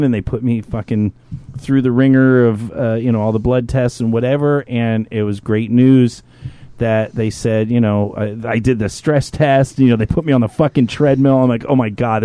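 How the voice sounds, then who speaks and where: Male podcast host, casual storyteller, swears a lot, mid-pitched, dry close sound. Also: normal speed, clean tone, dry recording. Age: adult, a parent. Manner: profane, animated, jumps into impressions of others.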